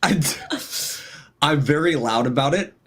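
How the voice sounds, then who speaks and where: A man with a husky, slightly breathy voice chatting as a podcast guest. He gets animated and jumps into acted-out quotes. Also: a little high, a little slow. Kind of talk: casual podcast chat.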